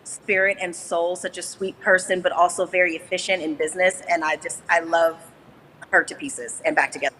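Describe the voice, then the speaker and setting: Woman, interview guest, casual chat, upbeat, laughs often, bright voice. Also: fairly low pitch, flat delivery, a little fast, slight background noise, rough recording. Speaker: guest, business developer.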